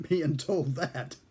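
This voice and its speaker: An older man, a former airman, telling a story from his own past in a casual, folksy way, chuckling and clearing his throat now and then. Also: a little high, dark tone. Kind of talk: casual spoken memoir storytelling.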